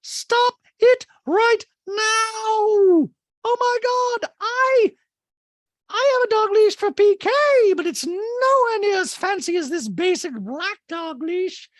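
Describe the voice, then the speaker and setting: A man putting on a mocking impression of a gushing, over-the-top rich woman in a shrill, breathless falsetto. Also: slow, no room sound, studio quality.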